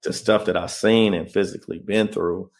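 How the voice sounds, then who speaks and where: Interview guest: a deep, gravelly man recounting his story earnestly. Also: steady tone, normal speed, a little mellow. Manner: earnest, keeps asking "you know what I mean?". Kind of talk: emotional personal storytelling.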